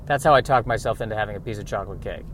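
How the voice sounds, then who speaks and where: A man's voice: on the low side, rapid-fire, a bit bright, slight background noise. A man talking in a rambling comic monologue, digressive and self-mocking, often talking to himself. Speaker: vlogger.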